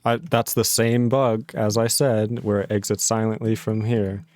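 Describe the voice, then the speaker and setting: A man's voice: on the low side, little pitch movement, a little slow, a little mellow, no room sound. Teasing man on a dry mic. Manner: teasing, laughs often. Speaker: guest collaborator on stream. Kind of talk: casual live-stream chat.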